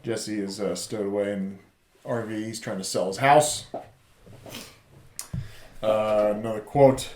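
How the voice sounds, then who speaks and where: A man's voice: fairly low pitch, fairly even intonation, measured pace, long pauses, darkish tone, slight background noise. Laughing man recapping a show. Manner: loose, laughing, full of fillers. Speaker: podcast co-host. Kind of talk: casual chat recapping a TV show. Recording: roomy echo.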